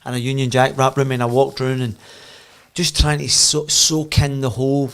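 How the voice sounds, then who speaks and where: A middle-aged Scottish man, a former footballer and podcast guest, telling animated anecdotes in casual chat. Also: medium pitch, normal speed, smooth. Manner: animated anecdotes, voice swells when telling the story.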